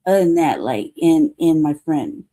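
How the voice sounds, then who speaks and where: A woman hosts a news livestream, talking bluntly and cursing freely. She fires off rhetorical questions and repeats her points. Her voice sits low and sounds warm and dark. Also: lively intonation, normal speed. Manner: blunt, profane and heated. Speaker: news show host. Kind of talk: casual livestream commentary.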